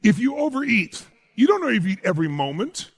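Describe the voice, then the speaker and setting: A man delivering a motivational speech to a live crowd, his fairly high voice leaping up and down in pitch. He hammers his points home and keeps firing rhetorical questions at the listeners. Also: sing-song, fast, slightly rough. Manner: emphatic, asks the audience rhetorical questions. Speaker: motivational speaker.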